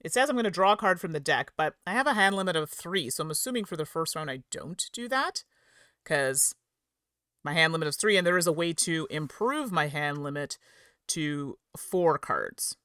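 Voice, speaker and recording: Woman streamer, slightly low voice, dry close sound, chatty and giggly, keeps correcting herself. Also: lively intonation, normal speed, a bit bright, no room sound. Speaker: streamer and host. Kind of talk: live-stream rules explanation and chat with viewers.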